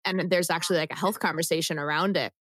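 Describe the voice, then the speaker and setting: Female podcast co-host, lower register, effusive casual delivery, dry studio sound. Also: fairly even intonation, fast talker, a bit bright, no echo. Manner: laughs often, effusive.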